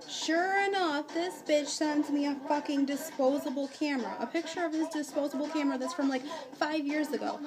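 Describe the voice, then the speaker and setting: A woman's voice: high voice, expressive, fairly quick. A young woman telling a story in a casual vlog, swearing freely and acting out both sides of a chat with exasperation. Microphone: phone or webcam.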